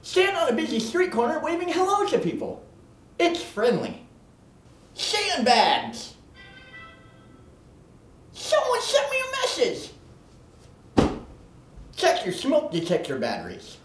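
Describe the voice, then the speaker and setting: A performer voicing a boastful oddball man who wants to be a leprechaun, in a comedy sketch monologue, lurching from manic shouts to low mutters. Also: wildly swooping pitch, slow, long pauses, soft background music, exaggerated voice. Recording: roomy echo.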